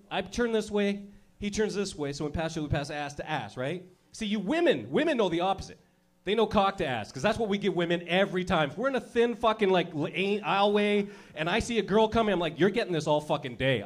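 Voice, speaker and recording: A man's voice: high voice, lively intonation, brisk. A man doing a crude, brash stand-up comedy routine, acting out little scenes as he goes. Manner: crude, brash, acts out characters.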